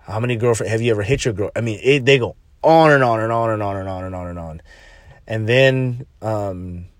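A man's voice: fairly low pitch, a little fast, dry recording, clean studio sound. A young man who works at a jail, telling a rambling story in casual chat, swearing and restarting often.

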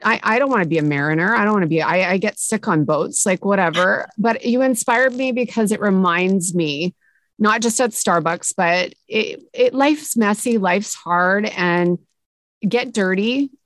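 A woman's voice: medium pitch, moderate pace, no room sound. A woman hosting a podcast, talking in an upbeat, sassy and emotional way. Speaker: podcast host. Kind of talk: casual chat.

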